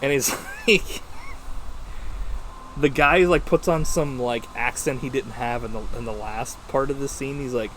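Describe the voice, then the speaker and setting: A young man in casual podcast talk, swearing freely and acting out movie lines as he retells them. His voice sits at an ordinary pitch. A faint hiss runs under the recording. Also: unhurried. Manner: profane, animated retelling of scenes. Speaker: podcast co-host.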